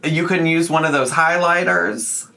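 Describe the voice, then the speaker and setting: A man's voice: fairly high pitch, fairly even intonation, a little slow, sharp tone. A man hosting a reaction video, giving mocking, exasperated commentary with plenty of swearing. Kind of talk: sarcastic commentary.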